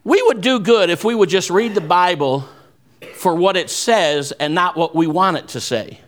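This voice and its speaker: High, bright-voiced impassioned preacher man. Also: expressive, normal speed. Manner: impassioned preaching, swinging between low asides and raised shouts; quotes scripture. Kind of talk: fervent sermon.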